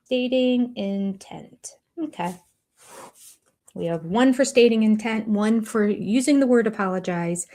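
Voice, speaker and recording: An older woman giving deliberate, analytical commentary as a host, with a dryly sarcastic edge. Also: medium pitch, mellow.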